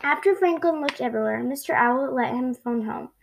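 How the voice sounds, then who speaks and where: A woman reading a children's storybook aloud in an expressive way, with small slips. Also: high voice, brisk, gravelly, a little hiss or hum, rough recording. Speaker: storybook reader.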